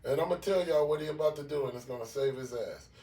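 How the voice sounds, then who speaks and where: A man with a fairly high voice chats bluntly and profanely, animated as he rants. He sits back from the mic, and the room rings around him. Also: fast. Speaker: podcast co-host. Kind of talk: casual chat. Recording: echoey room, mic at a distance.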